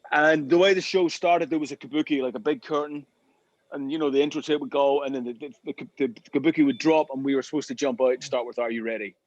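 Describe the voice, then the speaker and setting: A man telling tour stories in a casual interview over a call, animated, often repeating words as he gets going. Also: mid-range voice, fast, dry recording, dull audio. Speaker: interview guest, rock singer.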